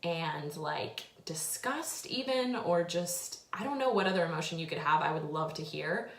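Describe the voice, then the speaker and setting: A woman's voice: on the low side, animated, normal speed. A young woman in her twenties telling a personal story, tearful and overwhelmed, full of filler words. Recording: echoey room.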